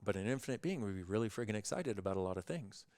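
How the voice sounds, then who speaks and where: A man appearing as a guest, telling stories in an animated way and acting out other people's voices as he goes. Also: fairly low pitch, rapid-fire, no echo. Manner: acts out other people's voices in lively quoted dialogue. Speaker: guest speaker on consciousness. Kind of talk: animated storytelling in conversation.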